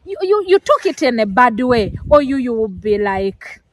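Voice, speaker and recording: A middle-aged African woman, a vlogger, speaks to camera in an emotional personal talk, lecturing earnestly about parenting with many fillers and restarts, close to tears. Her fairly high voice swings widely in pitch at a normal pace, and the recording quality is low.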